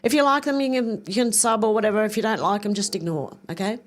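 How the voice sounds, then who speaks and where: A woman's voice: mid-range voice, fast. An older woman hosting a casual livestream, reading viewer comments aloud and rambling as she clicks around. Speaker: livestream host.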